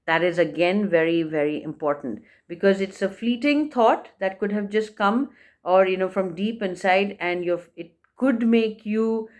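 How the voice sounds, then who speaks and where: A woman presenting an instructional walkthrough of a journal, talking conversationally in a gentle, encouraging way and often checking in with the listener. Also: mid-range voice, normal speed.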